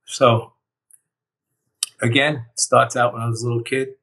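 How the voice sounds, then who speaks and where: A man speaks in an earnest, heartfelt way, recounting his own experience with frequent "you know"s. His voice sits at an ordinary middle pitch. He sounds a little distant from the microphone. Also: level tone, moderate pace, fairly bright tone. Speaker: near-death experience survivor. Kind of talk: personal testimony.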